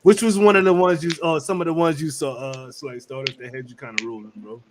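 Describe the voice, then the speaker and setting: A man's voice: a little high, steady tone, brisk, background noise. A man hosting a casual group podcast chat, laid-back and slangy, often laughing. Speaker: podcast host.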